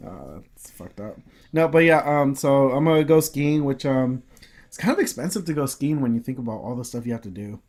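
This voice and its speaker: Male podcast co-host, casual chat, halting and filler-heavy delivery. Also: medium pitch, darkish tone. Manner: rambling, lots of ums and uhs.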